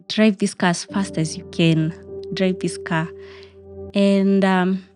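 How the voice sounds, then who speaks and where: A young Kenyan woman telling a personal story of grief, emotional and repeating phrases. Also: on the low side. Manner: emotional, repeats phrases, mixes in Swahili words.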